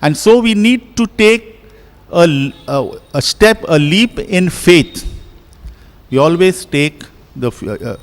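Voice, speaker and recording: Slow-spoken priest in a reverberant church. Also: male voice, on the high side, expressive. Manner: slow and deliberate, with emphatic pauses. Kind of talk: homily. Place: large church.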